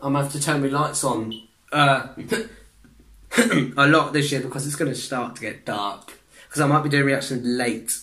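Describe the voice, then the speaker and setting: A young man chatting casually as a reaction vlogger, rambling and trailing off, clearing his throat often. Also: mid-range voice, fairly even intonation, moderate pace, long pauses, bright, forceful tone, reverberant. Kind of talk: casual rambling chat to camera.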